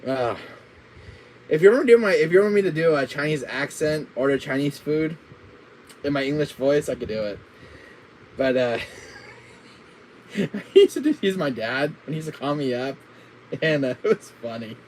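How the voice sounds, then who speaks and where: A man's voice: fairly high pitch, animated, normal speed, pauses often, darkish tone, slight background noise, rough recording. Giggly man on a livestream. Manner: giggly, laughs constantly. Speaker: gaming streamer. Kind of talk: casual livestream chat.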